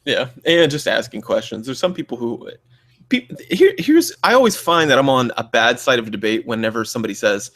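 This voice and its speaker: A man co-hosting a podcast in casual chat, rambling with many fillers and restarts and jumping his pitch up to act out quoted voices. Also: big pitch swings, brisk, fairly bright tone. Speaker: podcast co-host; clinician.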